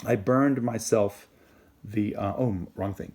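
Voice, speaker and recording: A man with a lowish, mellow voice walks through a Spanish lesson. He explains in a relaxed, rambling way and keeps checking in with "okay?" and "right?". He sounds like a teacher recording a video lesson. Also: slow pace.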